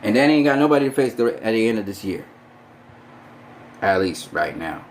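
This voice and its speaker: A man's voice: fairly low pitch, very animated, fairly quick, a little hiss or hum. A man giving a casual, profane opinion monologue as a boxing commentator. He is emphatic and repeats his points for stress.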